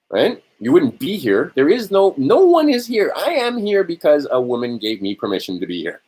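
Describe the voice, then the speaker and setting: This middle-aged host talks in a husky, average-pitched voice. He rants emphatically about spiritual matters and swears constantly. He keeps asking his listeners "right?". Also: a little mellow, rough recording. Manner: swearing, emphatic, rhetorical "right?" after points. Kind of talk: profane spiritual rant.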